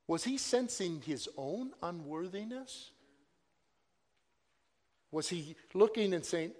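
A man preaching a sermon, swinging between loud proclaiming and hushed, drawn-out asides. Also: high-pitched, expressive, big-room sound.

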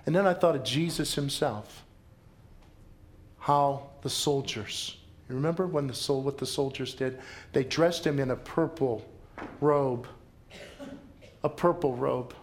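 A pastor with a mid-range voice preaches at a measured pace, pausing often. He tells stories dramatically and repeats lines for emphasis.

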